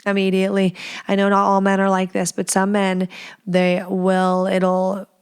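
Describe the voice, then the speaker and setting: A woman's voice: medium pitch, completely flat delivery, a little slow, smooth. A woman in her thirties hosting a podcast, giving candid advice in a frank, blunt way, swearing freely and acting out the people she quotes. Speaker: podcast host.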